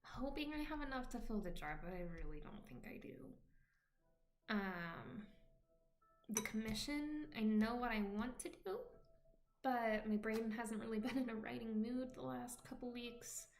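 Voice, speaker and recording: A woman's voice: fairly high pitch, a little slow, roomy sound. A woman chatting casually on a home stream, rambling and often dropping into a whisper. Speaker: vlogger. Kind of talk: casual chat while streaming.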